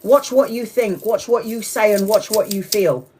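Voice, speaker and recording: A woman in her forties hosts a live tarot reading in a plain, mid-pitched voice. She talks straight to her viewers, bluntly and emphatically, and drops curse words without hesitation. Her delivery is casual and unscripted. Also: normal speed, a little mellow, slightly rough. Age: 40s. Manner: blunt and emphatic, swears freely. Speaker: tarot reader.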